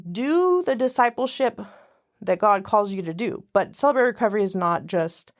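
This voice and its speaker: Her voice is medium-pitched with lively intonation, and she talks at a moderate pace. She's a woman guest in a casual podcast chat, rambling along and regularly interrupting herself to restart mid-sentence.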